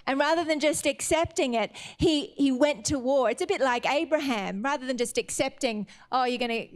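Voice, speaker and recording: A woman's voice: high voice, moderate pace. A woman preaching a sermon, retelling scripture with earnest, exhorting emphasis.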